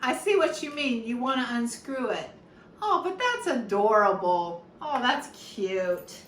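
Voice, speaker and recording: Slow, gushing woman vlogger. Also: on the high side, big pitch swings, fairly bright tone. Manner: gushing, gasps and exclaims often. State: teary, sniffling at times. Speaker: YouTube unboxing vlogger. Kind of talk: casual unboxing chat. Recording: roomy sound, distant mic, faint background noise.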